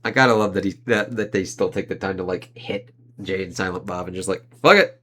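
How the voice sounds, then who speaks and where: A man's voice: low voice, fairly even intonation, quick pace, a bit bright, slight background noise. A man casually reviewing a comic book, reading its panels aloud in playful put-on voices, laughing and swearing as he goes.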